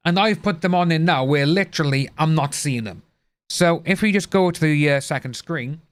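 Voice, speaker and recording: A man's voice: fairly high pitch, normal speed, fairly bright tone. A man chatting casually to his livestream viewers, blunt and ranting, swearing freely. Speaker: livestream host.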